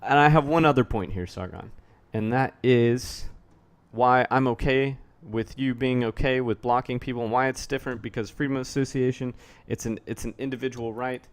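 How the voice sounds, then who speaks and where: A man's voice: mid-range voice, fairly even intonation, normal speed. A man giving a rambling, casual commentary rant, sardonic and full of swearing. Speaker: YouTube commentator.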